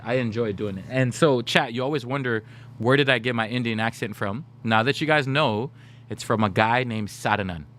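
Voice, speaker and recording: A man in his thirties tells stories to his stream chat, animated and quick to laugh. His voice sits at an ordinary pitch. A faint hiss and hum run under the recording. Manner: animated, laughing, slips into put-on voices for quoted people. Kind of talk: casual storytelling to stream chat.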